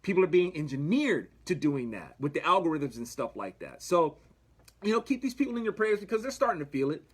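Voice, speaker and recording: A man hosting a casual livestream. He talks in a high, husky voice that rambles and restarts, with chuckling asides. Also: big pitch swings, a little fast. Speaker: livestream host. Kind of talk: casual livestream Bible commentary.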